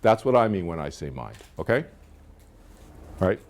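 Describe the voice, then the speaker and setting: A man's voice: sits low, very animated, normal speed, darkish tone. A middle-aged man giving a live seminar talk, chatty and storytelling, often checking in with his audience. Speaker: seminar speaker.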